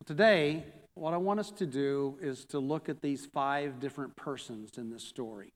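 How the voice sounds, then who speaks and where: Pastor reading scripture in a reverberant hall. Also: male voice, medium pitch. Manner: reads scripture aloud, then reviews it slowly.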